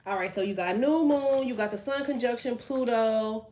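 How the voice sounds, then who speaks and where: A woman hosting a tarot live stream talks to her viewers in a loose, chatty, blunt way, laughing often and reading their comments aloud. Her voice is slightly high and a little mellow, at a moderate pace.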